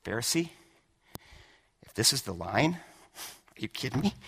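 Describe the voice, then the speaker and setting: A man preaching a sermon with emphasis, often repeating words and swinging from hushed lines to shouted ones. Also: medium pitch, sing-song, unhurried, creaky, a little hiss or hum. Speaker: pastor.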